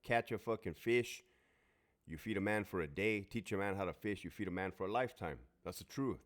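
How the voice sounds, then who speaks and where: A man's voice: on the low side, a little fast. A man in his forties, a former prison guard and veteran, telling his story in a blunt, heavily profane, emphatic way. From Southern California. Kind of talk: casual storytelling monologue.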